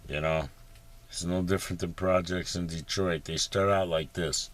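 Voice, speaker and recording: A man's voice: low-pitched, steady tone, normal speed. A man rambling in a casual monologue from inside his parked vehicle, profane and sarcastic, with many fillers. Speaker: vlogger.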